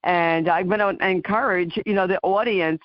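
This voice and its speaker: A woman with a New Jersey accent hosting a talk radio interview, halting and full of ums and you knows. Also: on the low side, steady tone, no room sound, highs cut off. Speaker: host.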